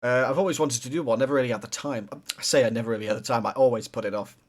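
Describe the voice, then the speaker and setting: A man's voice: medium pitch, rapid-fire. A man hosting a reaction video, talking bluntly and swearing often as he critiques what he watches. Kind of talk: casual reaction commentary.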